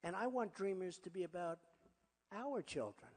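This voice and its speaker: A man in his sixties speaks at a campaign rally with a raised, fairly high pitch for a man. He boasts, repeats himself and turns to the crowd with offhand asides. His voice rings out with a long reverb in a big hall. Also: big pitch swings, normal speed, slight background noise. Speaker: political candidate.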